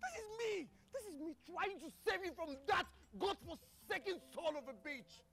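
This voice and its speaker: A man's voice: extremely high pitch, lively intonation, moderate pace, a bit bright, heavily acted. An actor playing a desperate man who pleads insistently, with music behind.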